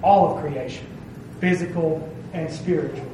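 A man with a slightly high voice preaches a sermon at normal speed, stressing his phrases and checking with "okay?" that listeners follow. There's background noise, and he sounds distant in a very echoey room.

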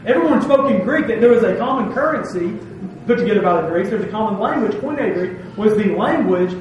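A man's voice: very high voice, distant mic, highs cut off, a little hiss or hum. A man preaching a folksy, conversational sermon to his church, reading scripture and explaining it. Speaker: pastor. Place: church sanctuary. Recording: very echoey hall, mic from afar.

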